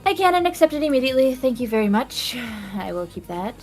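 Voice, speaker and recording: A woman's voice: sits high, very animated, quick pace, soft background music. Playfully indignant woman chatting. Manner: mock-indignant, playfully exaggerated. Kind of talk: casual chat.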